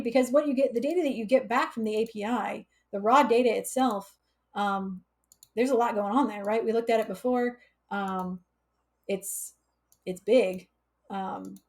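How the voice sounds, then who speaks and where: A woman's voice: medium pitch, darkish tone. A woman hosting a casual live coding stream, chatty and laughing often as she reads chat aloud. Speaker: livestream coding instructor.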